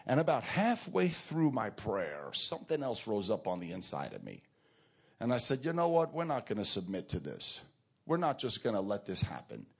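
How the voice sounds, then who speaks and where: A man preaches to his church family, telling a story with lively emphasis. His voice rises high when he stresses a point and sinks low and soft in the tender moments. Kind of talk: sermon storytelling.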